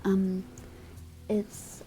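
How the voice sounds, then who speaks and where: A woman streaming live ASMR, chatting casually and playfully, drifting between soft whispers and quiet talk from a home sound booth. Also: drawn-out words, a little hiss or hum.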